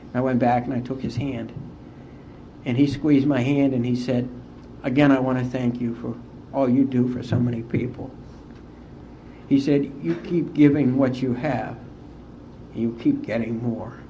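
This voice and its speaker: A middle-aged man from West Virginia, speaking as an AA speaker and telling his recovery story to a conference in a heartfelt, unhurried way. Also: mid-range voice, steady tone, dark tone, slight background noise. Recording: dull lo-fi conference tape.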